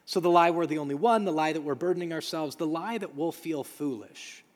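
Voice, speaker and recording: A man's voice: on the high side, a little fast. A man preaching a sermon as a pastor, earnest and emphatic, repeating phrases for weight. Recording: long hall reverb.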